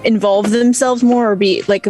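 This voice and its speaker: A woman's voice: fairly high pitch, steady tone, moderate pace, mellow, faint music behind, low-quality recording. A woman co-hosting a casual live-stream chat, thinking aloud and filling gaps with "like" and "you know". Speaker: co-host and role player.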